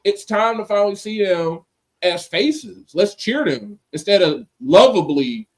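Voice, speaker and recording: Animated high-voiced man chatting wrestling. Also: unhurried. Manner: animated, slangy, acts out quotes. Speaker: podcast co-host. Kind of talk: casual wrestling chat.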